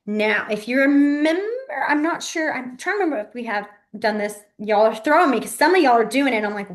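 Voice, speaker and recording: A woman's voice: fairly high pitch, lively intonation, brisk, hardly any pauses. Chatty woman teaching a class. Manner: chatty and informal, often trails off while demonstrating signs. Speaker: sign language teacher. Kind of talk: casual online class teaching.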